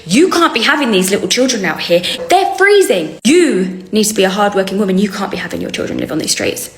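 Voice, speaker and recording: A woman's voice: very high voice, fairly even intonation, quick pace, a bit bright, echoey room, voice pushed up. A woman putting on an impression of a pushy, patronising celebrity woman who speaks in an ominous fake accent. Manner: pushy, coaxing, talks down.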